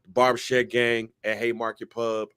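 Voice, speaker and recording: A man's voice: medium pitch, level tone, moderate pace, a bit bright, clear, resonant tone, no echo, clean studio sound. A man in his forties co-hosting a sports podcast in loose, joking chat, repeating words for emphasis. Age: 40s. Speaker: podcast co-host. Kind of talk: casual chat.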